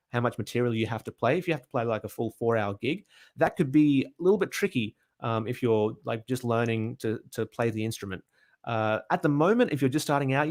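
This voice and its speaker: Young Aussie male bass teacher, casual live Q&A, upbeat, filler-heavy, mid-pitched. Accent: Australian. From Australia. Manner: chatty and upbeat, many filler "uh"s and restarts. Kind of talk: casual livestream Q&A.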